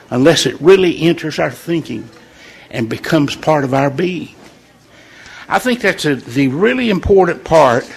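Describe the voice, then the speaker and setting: A man leading an informal morning devotional in a folksy, conversational way, pausing on purpose for emphasis. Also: on the high side, creaky, breathy edge. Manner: folksy and conversational, with deliberate pauses. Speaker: devotional leader.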